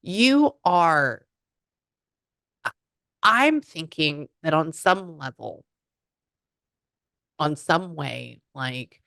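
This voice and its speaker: A woman working as a spiritual medium, chatting through a reading and relaying messages in quoted asides, swinging from excited exclamations to hushed murmurs. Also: low-pitched, very slow, vocal fry, pauses often, no echo.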